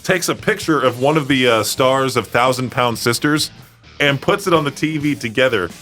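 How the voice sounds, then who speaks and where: A male radio co-host with a bright, forceful voice tells animated stories. He laughs his way through them in a casual studio chat. Faint music plays underneath. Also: medium pitch, moderate pace.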